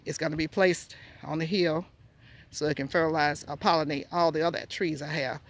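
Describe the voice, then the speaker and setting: A gardening vlogger giving a casual, rambling walking tour of a garden outdoors, out of breath and pausing to recall plant names. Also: mid-range voice, fairly even intonation.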